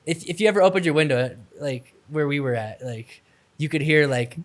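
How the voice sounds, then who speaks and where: A man co-hosting a casual chat, talking softly with lots of filler words. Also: fairly high pitch, expressive, brisk. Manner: soft-spoken, lots of "like", laughs often. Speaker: podcast co-host.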